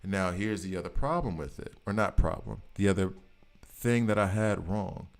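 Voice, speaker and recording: A man with a fairly low voice talks loosely to his live-stream chat while he plays. He rambles, doubles back and corrects himself mid-sentence in an easy, unscripted way. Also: normal speed. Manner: rambling, self-correcting, chats directly with viewers. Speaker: gaming streamer.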